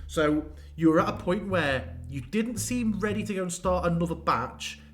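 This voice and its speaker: A man and game master, chatting casually and animatedly about a finished campaign, acting out quotes as he goes. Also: sits high. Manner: animated, quick, swearing, acts out quotes. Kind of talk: casual chat looking back on a campaign.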